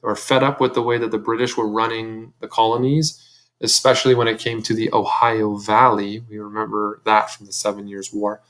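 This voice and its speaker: A man's voice: fairly low pitch, little pitch movement, a little fast, a bit bright. A male teacher giving a recorded history video lesson to seventh graders in a conversational way, often speaking straight to the students and correcting himself. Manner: conversational, self-correcting, addresses students directly.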